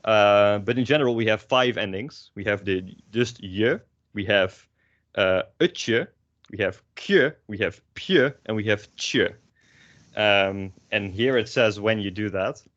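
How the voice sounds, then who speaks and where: Young guy teaching online, lowish voice, lots of ums, dry jokes, kinda muffled call audio. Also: unhurried, fairly bright tone. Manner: wry, hesitant, many ums and uhs. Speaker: language teacher. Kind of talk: online class explanation. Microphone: video call.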